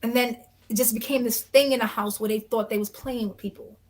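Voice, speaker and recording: High-voiced woman telling a heated story. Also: steady tone, fairly quick. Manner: acts out other people's quotes with shifting voices. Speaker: reality show cast member, guest. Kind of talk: animated storytelling in an interview.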